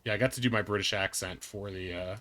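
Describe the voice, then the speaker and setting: A man's voice: fairly low pitch, steady tone, fast talker, bright, forceful tone, no room sound. A man hosting a live game stream, chatting and joking with friends and viewers. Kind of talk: casual live-stream chat.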